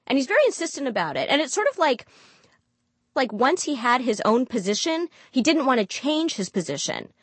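A woman telling a personal story in an interview, candid and animated, acting out the dialogue she quotes. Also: a little high, no room sound. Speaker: guest storyteller.

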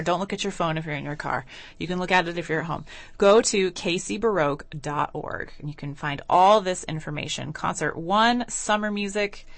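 A woman hosting a radio interview in a studio, enthusiastic and quick to laugh. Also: on the low side, bright, forceful tone. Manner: bubbly, enthusiastic, laughs easily. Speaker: radio host. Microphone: studio microphone.

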